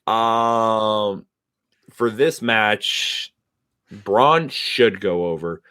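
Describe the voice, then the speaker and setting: A man's voice: on the low side, expressive, very slow, pushed and bright, clear, resonant tone, no room sound, studio quality. A man hosting a casual podcast, joking and teasing his co-hosts in loose, rambling talk. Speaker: podcast host. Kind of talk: casual chat.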